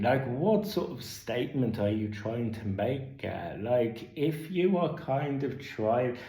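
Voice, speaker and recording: This man's mid-range voice is warm and expressive, slow and with few pauses, recorded in an echoey room. Reviewing a film casually, he rambles through fillers and restarts before turning exasperated and sarcastic.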